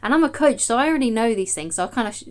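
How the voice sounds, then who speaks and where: A woman's voice: fairly high pitch, lively intonation, racing, darkish tone. Lady coach talking to camera, chatty and emphatic, keeps saying okay. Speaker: dating coach. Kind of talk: direct-to-camera advice talk.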